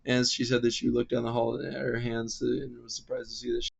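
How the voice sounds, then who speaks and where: A man racing through a storybook in a gravelly, husky voice, stumbling and restarting as he goes. His pitch barely moves, a flat rushed delivery. The recording is muffled and low quality. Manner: hurried reading with slips and restarts. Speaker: reader. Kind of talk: rushed read-aloud of a storybook.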